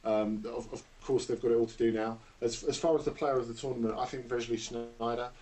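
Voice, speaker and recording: Flat-toned man giving football opinions. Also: mid-range voice, brisk, slight background noise. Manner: stammering start, then fluent analysis. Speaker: football pundit guest. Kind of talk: radio studio discussion.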